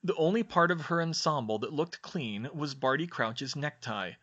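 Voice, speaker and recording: A man reading a story aloud in a steady, even narration. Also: fairly high pitch, moderate pace, lo-fi sound. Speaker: audiobook reader.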